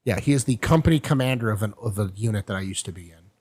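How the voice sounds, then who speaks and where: A man hosting a casual podcast, telling stories in a rambling way and jumping into animated voices for the people he quotes. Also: lowish voice, quick pace, breathy edge. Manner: drinks and chats over whiskey. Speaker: podcast host. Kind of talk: casual chat.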